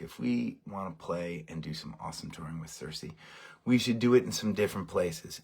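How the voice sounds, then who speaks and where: A man leading a band, giving fans a rambling, excited update while overtired. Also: low-pitched, slightly rough. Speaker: bandleader addressing fans. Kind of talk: casual fan update.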